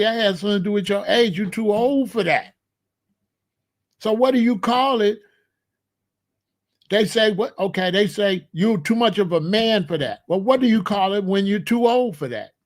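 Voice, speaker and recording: A man hosting his own commentary, arguing emphatically with rhetorical questions and repeated points. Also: high voice. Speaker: commentary host. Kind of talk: casual spoken commentary.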